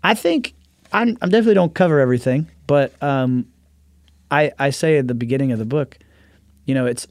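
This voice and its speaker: A man guest author chatting in a casual interview, playful and animated as he tells stories. His voice sits mid-range and sounds close and dry, with no room echo. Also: mid-range voice, brisk.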